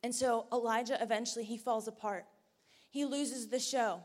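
A woman's voice: a little high, steady tone, moderate pace, big-room sound. Earnest woman preaching a sermon. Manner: earnest, swings from raised emphasis to hushed near-whisper. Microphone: handheld mic.

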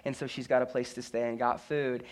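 A man's voice: mid-range voice, flat delivery, fairly quick. A man preaching a sermon as pastor, telling a story earnestly with stammered restarts and repeated words.

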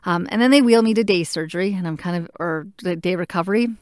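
Low-voiced woman telling a story. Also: fast, clear, resonant tone, dry recording, clean studio sound. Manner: animated, acts out what others said. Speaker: patient recounting a procedure. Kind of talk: casual personal storytelling.

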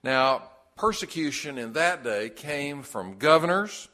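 Slow, halting man preaching. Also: a little high, animated, sharp tone. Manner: slow, halting delivery with many "uh" fillers, rising to emphatic stresses. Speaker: pastor. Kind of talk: evening Bible study sermon.

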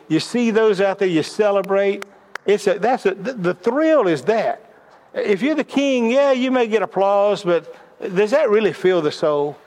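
A middle-aged man with a notably high voice delivers a sermon-style lesson on leadership. He tells personal stories and often stumbles over words, repeating them as he restarts. His teaching has a narrative flow. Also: darkish tone.

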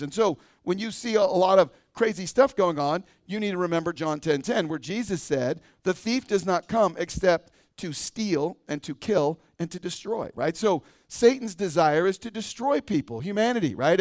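Guy preaching a sermon, pretty high voice, dry mic, keeps asking "right?". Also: dry recording. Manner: conversational, asks the congregation and adds "right?". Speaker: pastor. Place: church sanctuary.

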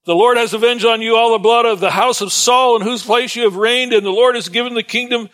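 A man voicing a wild, rock-throwing madman who shouts curses from a ridge, with a South Carolina accent. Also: brisk. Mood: ranting. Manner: shrill, shouting, frantic.

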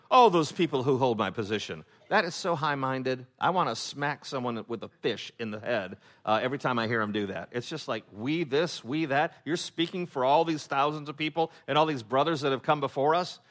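A man's voice: mid-range voice, a bit bright. Man preaching in a loose, joking style. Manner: humorous, acts out quoted voices; loose, with many fillers and restarts. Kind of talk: conversational Bible teaching.

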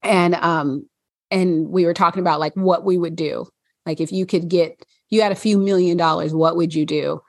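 A woman's voice: lowish voice, fairly even intonation, moderate pace, darkish tone, no room sound, clean studio sound. A woman podcast co-host chatting casually, rambling with many fillers and frequent laughs. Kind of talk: casual chat.

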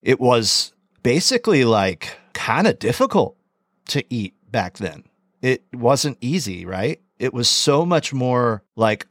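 A male podcast co-host talking in a loose, rambling, enthusiastic way. His middle-pitched voice sounds close and dry, with no room around it. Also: big pitch swings, unhurried, fairly bright tone, no room sound. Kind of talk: casual chat.

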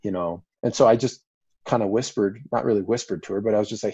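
A man's voice: fairly low pitch, quick pace, dark tone, slightly rough, no echo. A man, a firefighter and paramedic, telling a story in a casual interview in an earnest, rambling way with many fillers. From Colorado, US. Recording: dull lo-fi dry audio.

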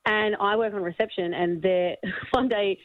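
A woman's voice: medium pitch, steady tone, moderate pace, no room sound. A woman caller telling a laughing anecdote. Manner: chatty, laughing storyteller. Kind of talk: phone-in anecdote. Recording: tinny phone line.

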